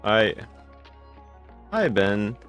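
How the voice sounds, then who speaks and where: A man's voice: on the low side, big pitch swings, very slow, fairly bright tone, soft background music. A tired man casually chatting with viewers during a live gaming stream, greeting them by name with rambling asides.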